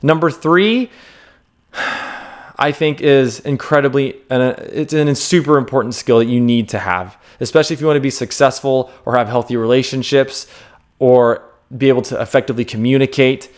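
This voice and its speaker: A man in his late thirties talks off the cuff to his viewers, earnest and insistent. His pitch sits in an ordinary middle range, and he leans on repeated words to drive each point home. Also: moderate pace. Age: 30s. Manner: checks in with the viewer with "okay?". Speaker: self-help vlogger. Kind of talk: unscripted advice monologue.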